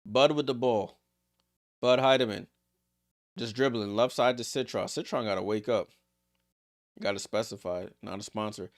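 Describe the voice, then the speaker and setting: A man streams a live watchalong, offering casual play-by-play and chatting with viewers at normal speed with frequent pauses. Excitable, his pitch jumps up on big plays and drops low and quiet for side remarks, and he laughs and talks to the chat.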